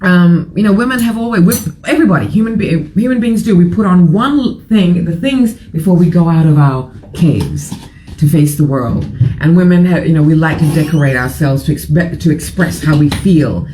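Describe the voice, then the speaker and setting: A woman's voice: fairly low pitch, normal speed, warm tone, slight background noise, low-quality recording. A middle-aged woman hosting a casual morning chat show, rambling and frank, a little tired. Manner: chatty, rambling, frank and irreverent. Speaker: live show host.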